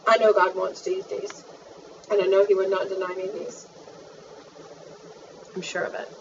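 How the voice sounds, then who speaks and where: A woman's voice: mid-range voice, little pitch movement, moderate pace, distant mic, slight background noise. Woman vlogger, chatty and gushing, mic set back, dull lo-fi sound. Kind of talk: casual chat. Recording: dull, faint, off-mic home recording.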